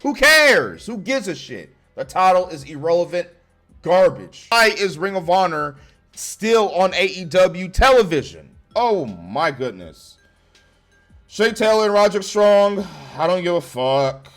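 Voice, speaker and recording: A man tears into a wrestling show with blunt, sweary sarcasm. His voice sits a little high for a man. Soft music plays faintly behind him. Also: animated, measured pace. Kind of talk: profane ranting review.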